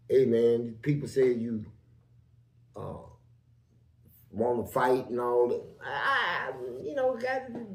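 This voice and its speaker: A man with a Southern US accent telling prison stories in a loose, animated way, acting out voices in the quotes. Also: fairly high pitch, vocal fry, echoey room. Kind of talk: casual storytelling.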